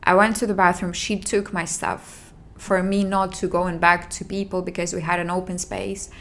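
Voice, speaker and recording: Young woman telling a personal story, low voice, lots of fry, halting and emotional. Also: level tone. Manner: halting, emotional recounting with restarts and soft sighs.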